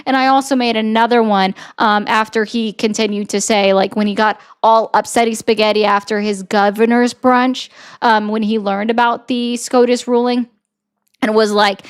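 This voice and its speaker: A woman political commentator arguing and lecturing, talking fast in bursts. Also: on the high side, steady tone, smooth. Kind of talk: argumentative commentary.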